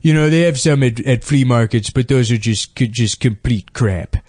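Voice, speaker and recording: A man voicing a nerdy adult man who talks slowly and self-seriously in a made-up quasi-British accent. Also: medium pitch, a little mellow, slight background noise, natural voice. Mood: pompous. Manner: slow, hesitant, self-serious. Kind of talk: mocking impression in a podcast.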